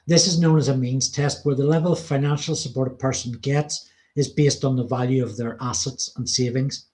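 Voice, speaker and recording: A British man co-hosts a casual podcast, reading policy notes aloud between frequent ums and the odd swear word. His voice sits at an ordinary middle pitch. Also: fairly even intonation, a little fast, darkish tone. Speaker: podcast co-host.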